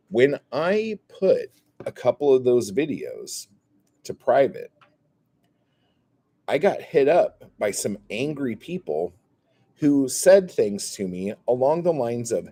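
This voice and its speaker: A man's voice: medium pitch, very animated, takes it slowly, mellow, slight background noise. A man ranting casually to his live chat as a YouTuber, rambling, with lots of "like" fillers and some swearing. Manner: rambling, heavy on "like" fillers, profane.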